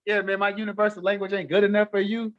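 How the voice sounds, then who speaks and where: A man's voice: sits high, level tone, fast talker, no echo. Playful man chatting on a lo-fi stream. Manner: playful teasing, laughs often, talks back to the chat. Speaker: livestream host. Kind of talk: casual livestream chat.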